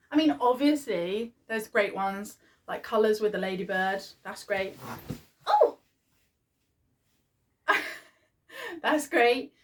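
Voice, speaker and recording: A woman in her thirties with a British accent chats casually about her home life, rambling a little and breaking into laughter. Her voice sits in an ordinary middle register for a woman. It's picked up from a small distance, so it sounds a bit off-mic. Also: medium pitch. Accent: British English. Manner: chatty, rambling, laughs often. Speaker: parenting vlogger. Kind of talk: casual chat. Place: home nursery.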